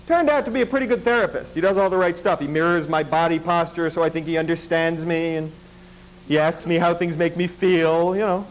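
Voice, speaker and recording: A man with a fairly high voice tells a long personal story on stage. His delivery is dry and self-deprecating, and the jokes land without any push. A faint noise sits behind him. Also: poor audio. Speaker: stand-up storyteller. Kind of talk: stand-up comedy storytelling.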